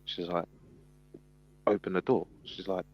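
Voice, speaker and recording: Male panel guest, low husky voice, lively storyteller, muffled lo-fi sound. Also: measured pace. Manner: animated storyteller, acts out quotes. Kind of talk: casual storytelling. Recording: dull lo-fi sound.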